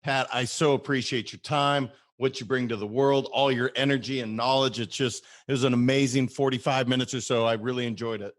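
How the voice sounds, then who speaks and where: A man's voice: medium pitch, fairly even intonation, fairly quick, few pauses. A man hosting a podcast with a mid-range voice, thanking his guest and speaking straight to his listeners. His delivery is eager and upbeat. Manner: enthusiastic, addresses listeners as "guys". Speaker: podcast host. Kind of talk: podcast interview.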